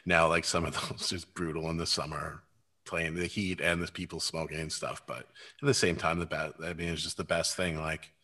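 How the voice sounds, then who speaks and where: A man with a very deep voice hosts a loose conversation. He asks his questions haltingly, restarting often, and shares his own memories in an easy tone. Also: flat delivery, bright, forceful tone. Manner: halting, searching for words. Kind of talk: casual interview chat.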